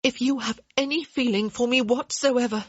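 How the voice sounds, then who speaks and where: Woman doing a blunt spirited young lady in a storybook, high voice, husky, dull dry audio. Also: steady tone, dry recording, close to an everyday voice. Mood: pleading. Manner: blunt, brisk. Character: spirited young noblewoman, frank and sharp.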